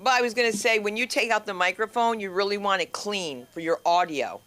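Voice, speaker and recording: A woman's voice: medium pitch, a little fast, a bit bright, a little hiss or hum. A woman hosting an open mic at a small comedy club and teaching comedy, telling blunt, swearing stand-up anecdotes on a handheld mic. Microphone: handheld stage mic.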